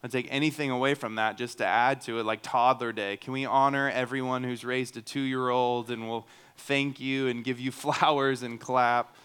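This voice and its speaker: A man's voice: mid-range voice, fairly even intonation, normal speed, few pauses, a bit bright, clear, resonant tone. A man in his thirties preaching a sermon in an earnest, conversational way, with humorous asides. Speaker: pastor.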